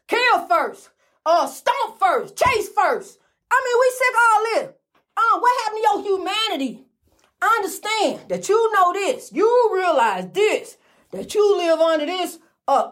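A woman's voice: extremely high pitch, fairly bright tone. A woman with talking in a casual, emphatic monologue, repeating phrases and calling listeners honey. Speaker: host of a faith-based movement channel.

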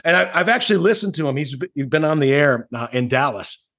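A man's voice: on the high side, expressive, fairly bright tone. A middle-aged man, a longtime radio host, chatting casually and often repeating words as he tells stories. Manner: halting, repeats words, storytelling. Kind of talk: casual chat. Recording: dull lo-fi sound.

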